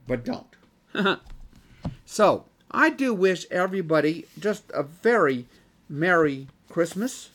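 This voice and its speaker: A man's voice: high-pitched, sing-song, takes it slowly, fairly bright tone. A man teaching a Bible study class in an earnest way who gets worked up and says he is losing his voice.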